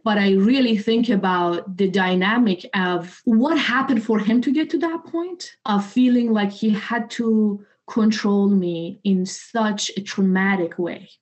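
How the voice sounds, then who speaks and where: A woman frankly telling a personal story in casual talk, blunt and expressive, swearing freely and rising in pitch on points of emphasis.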